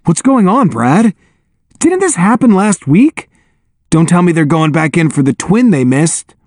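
A man's voice: fairly high pitch, very animated, measured pace, darkish tone, dry recording, pitched above the performer's own voice. Man doing a joking young soldier, raised voice. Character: teasing young male soldier, admiring.

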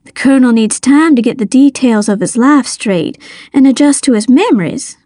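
A woman's voice: high-pitched, normal speed, dark tone, no room sound, studio quality. Woman playing a flamboyant, theatrical cafe owner. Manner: theatrical, affectionate, drops French words.

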